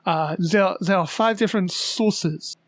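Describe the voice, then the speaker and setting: A man putting on a halting, showy French chef impression with a put-on French accent, stumbling over fillers. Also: sits high. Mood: theatrical.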